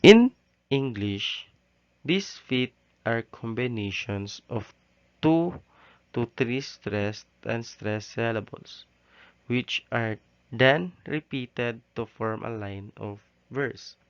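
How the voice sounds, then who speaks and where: A male teacher giving a recorded lesson, halting often with "okay" and "so". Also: medium pitch, expressive, smooth. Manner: slow, halting delivery with frequent "okay" and "so". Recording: dull, lo-fi recording.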